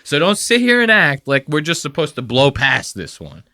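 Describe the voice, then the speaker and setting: Animated, profane man ranting on a podcast. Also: on the high side, normal speed, no echo, clean studio sound. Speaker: podcast host. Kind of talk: casual comedic podcast rant.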